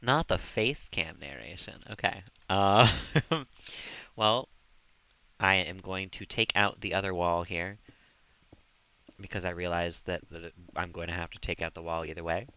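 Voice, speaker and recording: Low-voiced giggly male streamer. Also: a little slow, pushed and bright, clean tone, dry recording. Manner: chatty and giggly, talks to chat and to his pet. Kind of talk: casual live-stream gameplay commentary. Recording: slightly dull stream mic audio.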